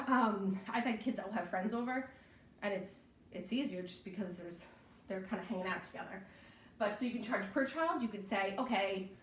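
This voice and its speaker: A young woman with a medium-pitched, fairly bright voice gives a casual online babysitting lesson as a library program instructor, recorded from a distance in an echoey room. She chats along with many ums, often checking "right?".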